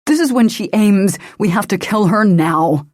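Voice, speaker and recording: A woman's voice: mid-range voice, animated, a little slow, a little mellow, no room sound, clean studio sound, voice pushed up. Woman voicing a grim, insistent male agent.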